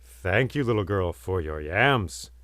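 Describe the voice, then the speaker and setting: A man's voice: low voice, lively intonation, measured pace, no echo, studio quality, voice pushed down. A man voicing a proud, touchy female forest spirit who speaks formally and turns indignant. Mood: polite, coaxing. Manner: formal, grows indignant and shouting.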